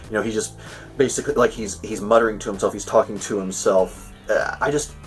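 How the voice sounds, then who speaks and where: A man's voice: on the low side, a little fast. A man hosting a casual episode review, talking in a rambling, chatty way and often restarting his sentences. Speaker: show host reviewing an episode. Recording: voice a bit far from the mic, faint music.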